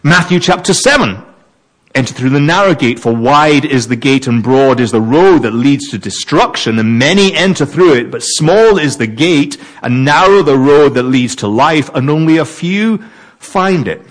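A man's voice: a little high, normal speed. A man preaching a sermon, reading verses and wondering aloud over their meaning. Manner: animated, wondering aloud, mixes reading with asides.

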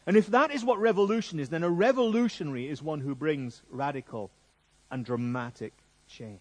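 Guy giving a sermon, slightly high voice, chatty and funny. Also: a little fast. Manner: jokey, conversational, lively preaching. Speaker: preacher.

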